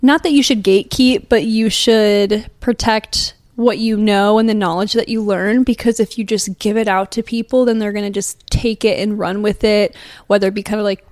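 A woman's voice: mid-range voice, fairly even intonation, moderate pace, darkish tone, dry recording. Upbeat young woman, dry close sound. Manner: chatty, upbeat, rambling. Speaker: podcast co-host, professional dancer. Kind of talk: casual chat. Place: home living room.

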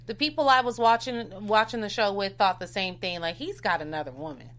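Woman co-host, measured delivery, casual chat, chimes in to agree. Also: mid-range voice, fairly bright tone. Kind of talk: casual talk show chat.

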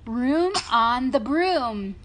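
A woman with a fairly high voice reads a rhyming picture book aloud to a child, giving it a lively bedtime-story lilt. She stops now and then to explain what is happening in the pictures. A faint hiss sits under the home recording. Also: drawn-out words. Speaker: podcast host reading to a child. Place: home playroom.

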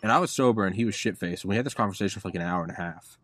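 A man in his thirties, a podcast host, telling stories in a casual, rambling, profane way that turns loud and excited. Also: low voice, racing, a little hiss or hum. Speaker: podcast host being interviewed. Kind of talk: casual interview storytelling.

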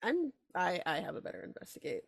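A woman's voice: on the low side, huge pitch swings, fast, creaky, breathy edge, dry recording, studio quality. A woman playing a tabletop game, talking hesitantly with lots of ums and likes, and giggling now and then. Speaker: player. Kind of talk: casual tabletop game play.

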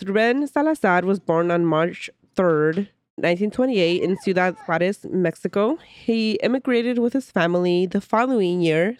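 A woman with a lowish voice co-hosting a casual history podcast, sounding a bit sick. She reads from notes in a chatty way and breaks off to laugh. The close mic is dry, with no room sound. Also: no echo. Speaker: podcast co-host.

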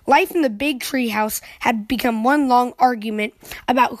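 Expressive female storyteller for children, bright-pitched, close and dry. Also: normal speed, no echo. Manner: expressive, lively reading. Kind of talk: reading a picture book aloud.

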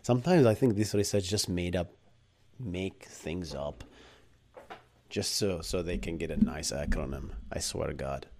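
A man from Bahrain with an Arab accent, hosting a live tech lecture and answering chat, animated, shifting between loud bursts and quiet asides. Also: low voice, unhurried, creaky, noisy background. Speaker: live stream host.

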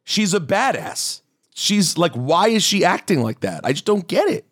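A man with a somewhat high voice co-hosts a casual wrestling podcast. He talks bluntly and with opinion, pressing his points with emphatic repeats. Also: sing-song, moderate pace, fairly bright tone, slightly rough. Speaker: podcast co-host.

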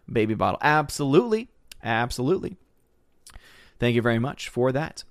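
A young man hosts a casual livestream, reading viewer comments aloud and answering in a rambling, easygoing way. His medium-pitched voice is very animated at a moderate pace with frequent pauses, and he laughs often and thanks viewers warmly. The studio sound is clean, with no room echo.

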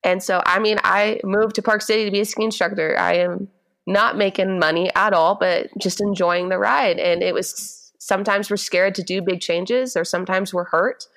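A woman in her twenties, a podcast guest, telling a story in a chatty, animated way with a gentle voice. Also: medium pitch, moderate pace, creaky. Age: 20s. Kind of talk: casual chat, storytelling.

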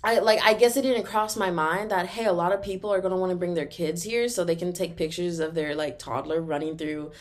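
A young adult woman from Texas with a Texan accent, hosting a podcast in a casual, animated solo rant full of fillers. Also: on the low side. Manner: animated, exasperated, talks fast with many fillers. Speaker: podcast host.

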